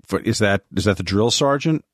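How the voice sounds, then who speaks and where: A man's voice: on the low side, expressive, fairly quick, dry recording, clean studio sound. A man co-hosting a podcast who reads out listener questions and tells joking personal anecdotes. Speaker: podcast co-host. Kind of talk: casual podcast chat.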